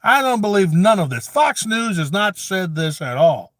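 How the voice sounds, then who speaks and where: A man's voice: high voice, big pitch swings, normal speed, a bit bright, no room sound. A man voicing a preachy, forgetful old grandfather who rants, stammers and drifts into rambling asides in a satirical comedy monologue.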